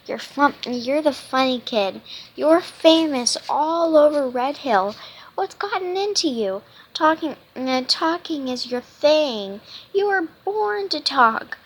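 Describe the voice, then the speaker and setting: A woman reading the halting, stammering lines of a nervous schoolboy. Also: high-pitched, expressive, heavily acted, poor audio. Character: nervous tongue-tied schoolboy Max.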